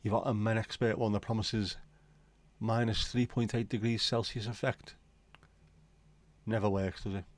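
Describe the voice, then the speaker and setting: A man's voice: lowish voice, level tone, normal speed, pauses often. A man hosting a casual livestream, rambling and joking with viewers and swearing casually. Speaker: livestream host. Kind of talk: casual chat reading viewer comments.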